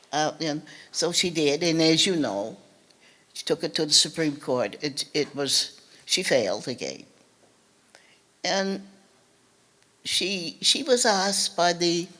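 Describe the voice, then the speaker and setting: An older woman from Nova Scotia speaks in a slightly low voice as a guest speaker. She tells her family story earnestly and haltingly, repeating words and restarting her sentences. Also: a bit bright. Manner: earnest, recounts family memories. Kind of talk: personal storytelling talk.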